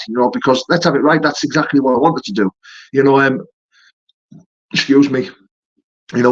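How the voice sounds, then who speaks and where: Matey fighter on a live stream. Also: male voice, mid-range voice, muffled recording. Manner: matey, peppers talk with "mate" and "you know". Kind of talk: casual live-stream chat, answering viewer comments.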